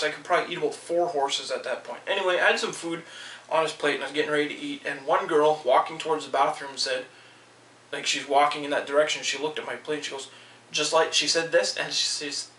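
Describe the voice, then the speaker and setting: A man's voice: a little high, steady tone, brisk, pushed and bright, echoey room, far from the mic, slight background noise, low-quality recording. A man venting in a heated, swearing rant about being let go from his job. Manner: heated, swearing, quotes people in raised voices. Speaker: vlogger. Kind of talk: angry personal rant.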